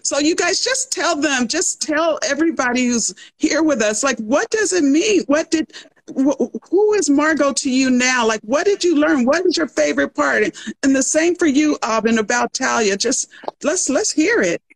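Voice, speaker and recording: A woman's voice: sits high, moderate pace. Storytelling showrunner woman on a livestream. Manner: animated storyteller, acts out quoted dialogue. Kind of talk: casual chat on a livestream.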